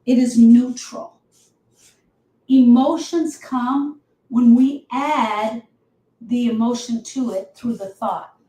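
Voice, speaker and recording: A woman's voice: fairly high pitch, slow, dark tone, reverberant, poor audio. A woman grief coach teaching on a live show, emphatic and repetitive, speaking straight to her listeners.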